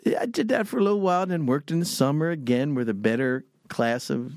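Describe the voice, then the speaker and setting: A man's voice: a little high, quick pace, darkish tone, dry recording, clean studio sound. An older man from Pennsylvania telling rambling, chuckling stories in casual conversation as an interview guest. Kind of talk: casual storytelling.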